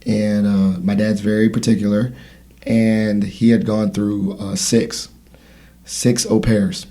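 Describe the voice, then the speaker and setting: A man's voice: fairly low pitch, level tone, takes it slowly, dark tone. A man in his thirties hosting a casual podcast conversation, telling a story in a rambling way with many fillers and restarts. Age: 30s. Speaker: podcast host.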